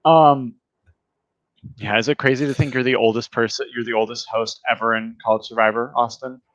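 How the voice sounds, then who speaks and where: A man's voice: medium pitch, steady tone, brisk, a bit bright, no room sound. A young man hosting a podcast, chatting casually and joking around in a playful way. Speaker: podcast host. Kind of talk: casual chat. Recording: dull lo-fi dry sound.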